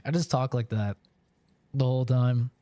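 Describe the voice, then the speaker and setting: A man's voice: mid-range voice, fairly even intonation, moderate pace, mellow, dry recording. A man live-streaming and chatting casually with viewers, rambling along with lots of filler words.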